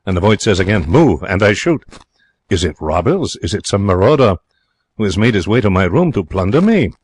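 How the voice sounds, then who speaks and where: An actor playing an excitable young Frenchman in a radio drama, speaking broken English in a French accent with theatrical, emotional delivery. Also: fairly low pitch, fairly quick, breathy edge, no echo. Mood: wistful. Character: young excitable romantic Frenchman, former hotel cashier. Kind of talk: 1940s radio drama narration.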